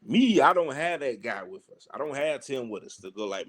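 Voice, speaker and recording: A young man with a Southern US accent, telling animated stories on a podcast and acting out the voices of people he quotes. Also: medium pitch, a little fast. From Southern United States. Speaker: podcast guest. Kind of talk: casual storytelling.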